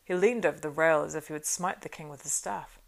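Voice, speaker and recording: A woman with a low, gravelly voice reads a story aloud, measured and steady. Her narration is an audiobook reading.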